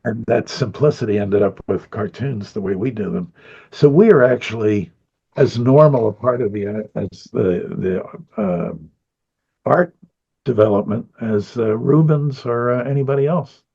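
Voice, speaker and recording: Older man, raspy, gravelly, animated storyteller, lo-fi sound. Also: medium pitch, moderate pace. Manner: chuckling, animated storyteller who acts out quotes. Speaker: interview guest, animator. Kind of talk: rambling career interview.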